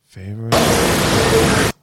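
A man co-hosting a podcast in casual chat, explaining things calmly and swearing when surprised. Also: extremely slow, heavy background noise. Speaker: podcast co-host.

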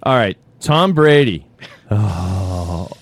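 A man's voice: fairly low pitch, expressive, drawn-out words. A man hosting a podcast in casual chat, joking and laughing often as he runs through questions. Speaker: podcast host.

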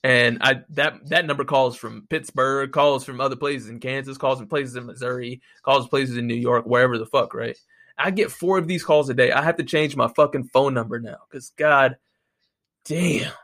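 A man's voice: mid-range voice, fairly even intonation, moderate pace, fairly bright tone. A man ranting casually as a podcast host, profane and exasperated, talking close to the microphone and mocking the people he quotes. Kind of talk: casual solo rant.

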